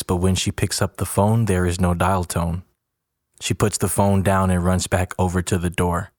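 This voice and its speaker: A man telling a story in a plain, steady way. His voice is low and the recording is dry and close, with no room sound. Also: no room sound. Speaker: narrator. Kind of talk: storytelling narration.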